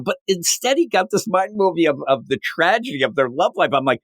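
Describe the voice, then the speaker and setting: A man co-hosting a comics podcast in casual chat, rambling and acting out characters' lines with sudden jumps in pitch. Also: very animated, moderate pace, fairly bright tone, dry recording, studio quality. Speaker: podcast co-host.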